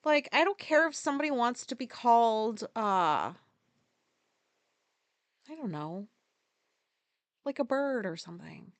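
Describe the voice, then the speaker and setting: A woman rants into a close podcast mic in a casual solo monologue. Her voice sits a little high and sounds dry, with no room around it. She swears freely and sounds fed up. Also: expressive, unhurried, long pauses, dry recording. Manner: profane, exasperated ranting. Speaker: podcast host.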